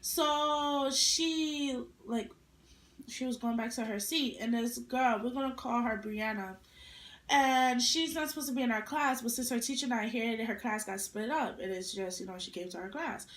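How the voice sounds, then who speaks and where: Young woman, storytime vlogger, sassy and animated, higher voice, roomy echo. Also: moderate pace. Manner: animated, acting out quotes with attitude. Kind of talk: casual storytime vlog. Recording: echoey room.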